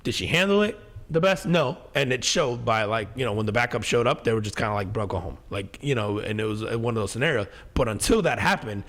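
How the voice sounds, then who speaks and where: A middle-aged podcast co-host tells a story in fast, casual chat, full of swearing, fillers, and restarts he stumbles over. His ordinary-pitched voice leaps up and down as he animatedly acts out the scene.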